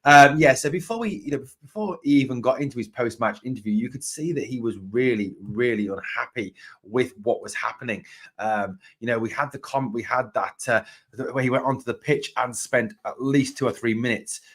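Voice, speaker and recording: Man, podcast host, live commentary, emphatic, repeats himself, greets viewers, middle pitch. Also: brisk. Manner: emphatic, repeats points, opens with "now, look".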